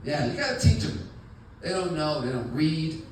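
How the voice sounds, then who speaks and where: Chatty male stand-up comic, lively voice. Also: fairly high pitch, moderate pace, heavy reverb, distant mic, slight background noise, rough recording. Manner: rambling, chatty, many fillers. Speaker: stand-up comedian. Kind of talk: stand-up comedy set. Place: comedy club stage with audience. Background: audience laughter.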